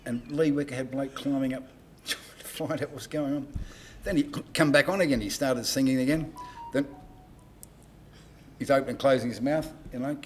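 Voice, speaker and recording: An older Australian man spinning a yarn on a podcast, his voice sitting at an ordinary middle pitch. He tells his stories with relish, leaping up loud whenever he acts out what was said. A faint hiss sits under him. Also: normal speed. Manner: animated anecdote-teller, acts out dialogue in raised voice. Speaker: guest, entertainment promoter. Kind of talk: casual storytelling on a podcast.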